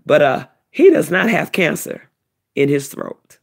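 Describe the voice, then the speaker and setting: Gravelly, animated middle-aged woman. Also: sits low, a little slow. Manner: animated, repetitive storytelling. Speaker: vlogger, self-described prophetess. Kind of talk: emotional personal testimony.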